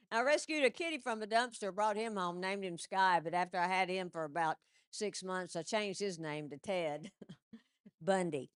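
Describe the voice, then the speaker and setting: A woman comedian telling animated stand-up stories into a stage mic and laughing at her own jokes. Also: fairly low pitch, unhurried, long pauses, clean tone, no echo, studio quality.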